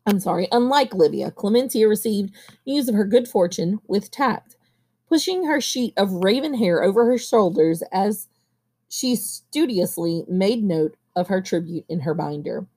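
A woman reading a novel aloud at a steady pace, now and then pausing to correct herself. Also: medium pitch. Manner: steady reading with occasional coughs and self-corrections. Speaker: audiobook reader. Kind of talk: amateur audiobook reading.

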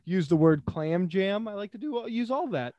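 A man co-hosting a podcast in casual chat, animated and joking, quick to jump in. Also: high voice, no echo, dull audio. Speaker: podcast co-host.

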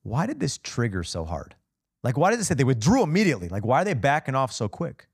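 A male pastor giving a conversational sermon, peppering the congregation with rhetorical questions and expressive asides. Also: medium pitch, fast, breathy edge, dry recording, studio quality. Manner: casual and expressive.

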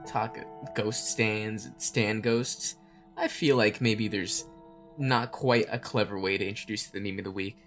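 A man's voice: fairly low pitch, a little slow, soft background music. Casual man rambling through fan theories. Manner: relaxed, rambling with fillers. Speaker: podcast co-host.

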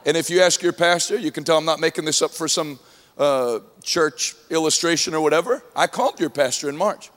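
A man with a high voice delivers a sermon, trading jokes and stories with a congregation. He builds from easy storytelling to ringing shouts. His voice rings out under a long hall reverb. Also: a little fast. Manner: humorous storytelling, rising to shouts. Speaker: preacher.

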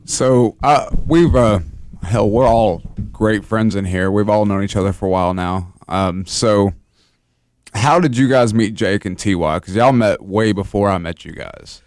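A man's voice: on the low side, a little slow, a little mellow. A man hosting a podcast, asking an easygoing, hesitant question in casual chat.

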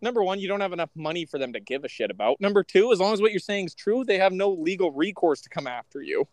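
A man hosts a casual podcast and makes his case point by point, swearing casually along the way. His voice is high for a man. It is recorded dry and close, with no room sound. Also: animated, fast talker, no room sound. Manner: opinionated, swears casually, argues points in order.

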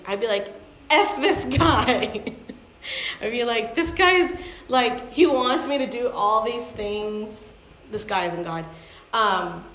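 A young adult woman giving a candid, conversational personal testimony, often using fillers as she talks. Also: mid-range voice. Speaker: speaker sharing a testimony. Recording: echoey room with faint ambient noise.

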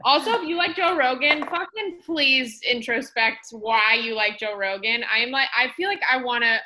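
A woman co-hosting a podcast in casual chat, blunt and quick to laugh. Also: on the high side, sharp tone. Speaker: podcast co-host.

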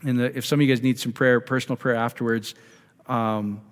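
A man in a mid-range voice leads a group through prayer steps in a relaxed, conversational way, asking the audience questions as he goes. His voice rings out with long reverb in a meeting hall. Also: medium pitch, brisk. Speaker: ministry speaker leading prayer. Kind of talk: informal teaching to a live group.

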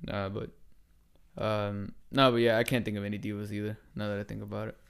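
A man's voice: fairly low pitch, little pitch movement, fairly quick, gravelly, fairly bright tone, smooth. A man co-hosting a podcast in casual chat, rambling with lots of fillers and swearing. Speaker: podcast co-host.

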